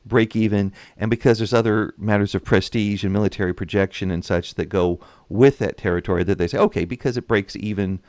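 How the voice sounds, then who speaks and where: A man with a lowish voice gives casual history commentary about a strategy game. He talks in an animated way and acts out nations in voices. The sound is close and dry. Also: fairly quick, hardly any pauses, no room sound.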